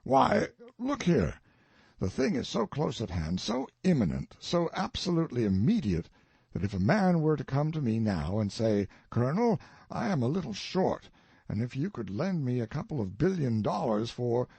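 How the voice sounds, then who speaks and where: A man voicing a grandiose, excitable old colonel who talks big and dodges his debts. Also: mid-range voice, moderate pace, gravelly, breathy edge, no room sound, pitched above the performer's own voice, full character voice. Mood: excited. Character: blustering grandiose old male colonel, shifty.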